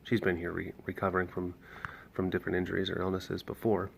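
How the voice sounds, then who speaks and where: A young man with a somewhat low voice talks through updates in a loose, rambling vlog manner. He restarts sentences often and leans on fillers as he explains things to his viewers. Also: completely flat delivery, fast talker, vocal fry, slight background noise. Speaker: animal sanctuary caretaker. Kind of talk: casual vlog talk.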